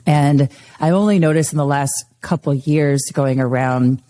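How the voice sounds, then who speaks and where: Woman yoga teacher guesting on a podcast; warm, dark tone, laughs easily through her stories. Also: low voice, moderate pace, big-room sound. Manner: storytelling, laughs often. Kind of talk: casual interview chat.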